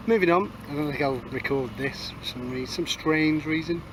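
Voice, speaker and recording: This metal detecting vlogger chats his way through his finds in a field at a normal speed, casual and cheeky, dropping little asides and often saying "moving on." His voice is a touch high, and outdoor noise runs clearly in the background.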